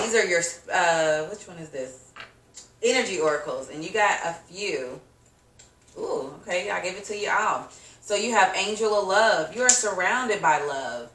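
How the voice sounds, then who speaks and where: A woman gives a casual tarot reading in a chatty, slangy way, laughing often and acting out little reactions. Her voice sits a bit low. She sounds set back from the mic in an echoey room. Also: expressive, unhurried, far from the mic, noisy background. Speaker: tarot reader.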